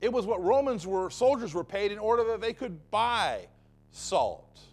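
A man's voice: sits high, big pitch swings, a little slow. A man preaching a sermon as pastor of his church, emphatic and fond of repeating phrases for effect.

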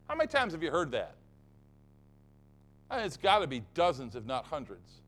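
A man's voice: sits high, very animated, moderate pace, fairly bright tone. A man preaching a sermon as pastor of his church, emphatic and fond of repeating phrases for effect.

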